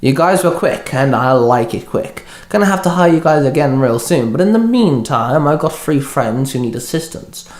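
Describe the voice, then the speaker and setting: A man's voice: medium pitch, lively intonation, moderate pace, few pauses, darkish tone, natural voice. A man voicing a cheerful, cigar-smoking crime boss in a storybook, chummy and pleased with his hired hunters. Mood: gleeful. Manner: gleeful, chummy. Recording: echoey room.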